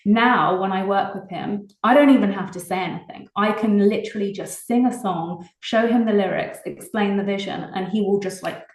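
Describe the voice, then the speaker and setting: A British woman, a singer-songwriter, chatting casually in an interview, laughing often between fast bursts of talk. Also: mid-range voice, roomy sound, poor audio. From Britain.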